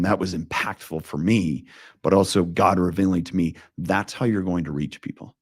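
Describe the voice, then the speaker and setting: A man in his forties speaks earnestly about leadership, his husky voice sitting low. He talks with intensity, often restarting sentences as he tells stories. The sound is dry and close. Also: dry recording. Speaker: leadership coach. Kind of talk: casual interview talk.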